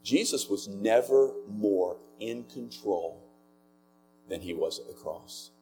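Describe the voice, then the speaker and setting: A man preaching a sermon as a pastor, earnest and slowing down on key words. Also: lowish voice, animated, creaky, warm tone, faint music behind.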